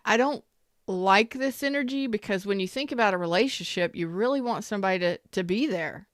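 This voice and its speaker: A woman's voice: medium pitch, normal speed, dry recording, studio quality. A woman giving a casual tarot reading, repeating herself emphatically and sometimes swearing. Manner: repetitive and emphatic, swears when worked up. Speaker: tarot reader.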